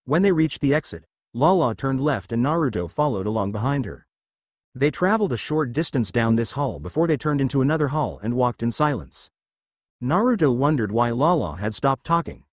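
A man narrating a fan fiction story in an expressive storytelling manner. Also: medium pitch, fairly quick, no room sound.

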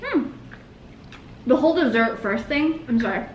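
A bubbly young woman with a fairly high voice chats over a meal, laughing easily. The room is echoey, with a faint hiss underneath. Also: animated, moderate pace. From United States. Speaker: co-host. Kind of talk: casual chat while eating.

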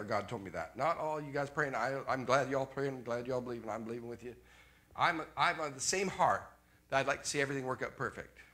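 Animated preaching man, bright and forceful. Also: mid-range voice. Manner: animated, swings from loud exclamations to quiet asides. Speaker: pastor. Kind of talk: sermon.

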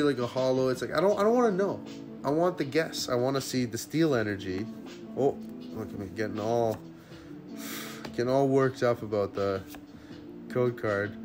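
Over background music, a man runs a card-opening channel and talks casually to his viewers while unboxing. He gets excited and jumps up high whenever good cards turn up, then sinks back to quiet, low murmurs in between.

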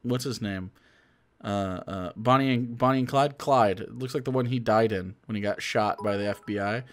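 A man with a lowish voice, speaking at a moderate pace, streams live while reacting to videos. His commentary is sarcastic and mocking, and he laughs often.

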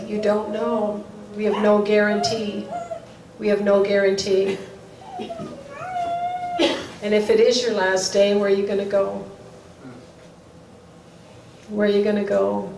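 Earnest woman preaching in an echoey chapel. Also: medium pitch. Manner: earnest, repeats key lines for emphasis. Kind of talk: sermon. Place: chapel hall. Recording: roomy, distant mic, faint noise.

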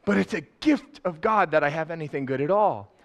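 Middle-aged pastor, lively sermon delivery, big swings from loud to quiet. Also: male voice, a little high, a little fast. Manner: animated, laughing, swings from loud to soft. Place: church sanctuary.

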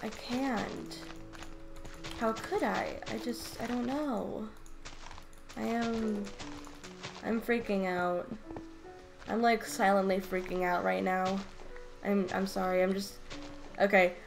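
A woman playing a video game and talking through it in casual commentary, excitable and gushing, often stammering and repeating herself. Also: medium pitch. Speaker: let's play gamer.

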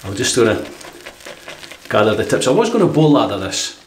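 A man's voice: on the low side, big pitch swings, normal speed, reverberant, slight background noise. A man hosting a shaving channel, chatting casually and rambling with many fillers as he reviews his gear. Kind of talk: casual product review vlog.

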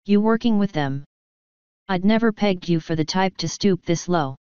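A woman reads the part of an earnest young male pony soldier who speaks with wounded, accusing indignation. His voice is low and very smooth. The sound is dry and a little dull, like a home storybook recording. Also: animated, moderate pace, a little mellow, no room sound, close to an everyday voice.

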